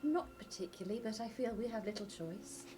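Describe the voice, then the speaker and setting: A woman playing a tabletop role-playing game, speaking in character in a measured, firm way. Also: medium pitch, expressive, warm tone. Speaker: player. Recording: audible background noise.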